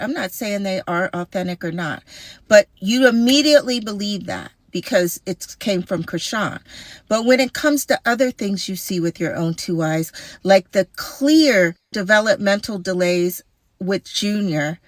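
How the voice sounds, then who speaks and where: A woman making commentary, talking in a measured, questioning and somewhat sarcastic way. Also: medium pitch, lively intonation, no echo. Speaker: commentary creator.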